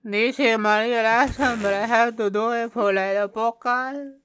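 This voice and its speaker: A young man putting on an overdone Pakistani accent, pitched high and whiny, as a joke on a podcast. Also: fairly even intonation, moderate pace, fairly bright tone, a little hiss or hum. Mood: mock serious. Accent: put-on Pakistani.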